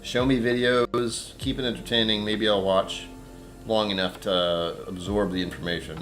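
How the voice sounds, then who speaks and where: A man's voice: fairly low pitch, fairly even intonation, normal speed, a bit bright, faint music behind. A man hosting a casual whiskey-tasting livestream from his apartment, rambling, talking to himself and chuckling often.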